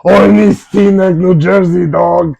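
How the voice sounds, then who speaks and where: A man putting on a loud, gruff impression of a brash male comedian. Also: high voice, steady tone, unhurried, pitched above the performer's own voice, exaggerated voice. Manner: shouty, brash street-talking delivery.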